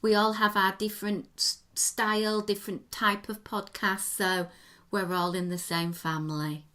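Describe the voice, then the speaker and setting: A woman's voice: medium pitch, little pitch movement, normal speed, fairly bright tone. A British woman hosting a podcast in friendly, chatty conversation. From Britain. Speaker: podcast host. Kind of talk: casual podcast chat.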